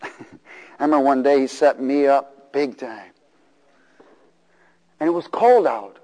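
A man's voice: mid-range voice, unhurried. A middle-aged man preaching a sermon, calling for responses from the congregation and acting out the voices of people in the story. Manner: animated, call-and-response, acts out voices. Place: church hall. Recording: long reverb of a large hall.

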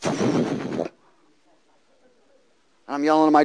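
A man preaching a sermon who moves from hushed storytelling to loud, fervent bursts and repeats phrases for emphasis. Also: on the high side, fairly even intonation, normal speed, pauses often, clean tone. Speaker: pastor.

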